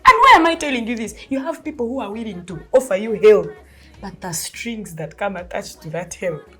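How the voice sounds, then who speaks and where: This thirty-something woman with a Ugandan English accent tells a personal story, animated and casual, frequently laughing and acting out dialogue. Her mid-range voice is husky and a little fast, with soft background music playing.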